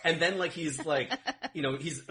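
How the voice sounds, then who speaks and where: A man's voice: fairly high pitch, moderate pace, noisy background. A man co-hosting a movie podcast, talking with lots of "like" and casual swearing. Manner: chatty, filler-heavy, profane. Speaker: podcast co-host. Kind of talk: casual chat.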